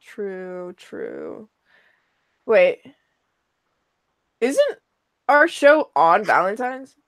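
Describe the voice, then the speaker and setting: A woman's voice: mid-range voice, huge pitch swings, very slow. A young woman co-hosting a streamed talk show in casual, crude chat, giggling often and trailing off with fillers.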